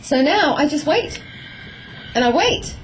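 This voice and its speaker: A middle-aged woman giving a lively talk on horse training to an audience, acting out little exchanges with her horse. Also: sits high, unhurried, background noise. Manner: animated, acting out voices of herself and her horse.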